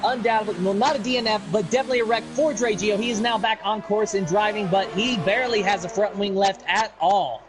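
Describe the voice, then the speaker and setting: A man with a notably high voice delivers rapid play-by-play of a virtual race. He reads out lap times and incidents briskly. Clear music plays beneath his commentary. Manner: fast play-by-play calls. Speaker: sim racing lead commentator. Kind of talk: live esports race commentary.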